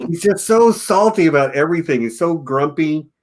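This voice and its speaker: A man's voice: fairly high pitch, lively intonation, moderate pace. A man from Texas co-hosting a casual film review podcast, enthusiastic and laughing often as he quotes lines. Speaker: podcast co-host.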